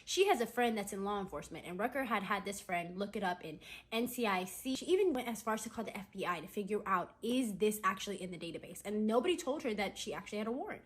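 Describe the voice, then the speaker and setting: A woman's voice: mid-range voice, expressive, fast talker. A young adult woman casually retelling a dramatic true story, chatty and full of "like" and "right?" asides. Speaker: storytime creator.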